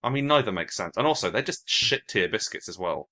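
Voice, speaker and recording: A man's voice: on the low side, lively intonation, brisk. A man from Britain, a guest who designs games, chatting casually and rambling through teasing tangents. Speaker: podcast guest, game designer. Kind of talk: casual chat.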